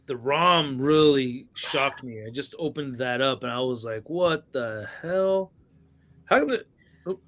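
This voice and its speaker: A man's voice: medium pitch, lively intonation, normal speed, fairly bright tone. A man hosting a casual action-figure podcast, rambling through stories, laughing often and swearing freely. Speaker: podcast host.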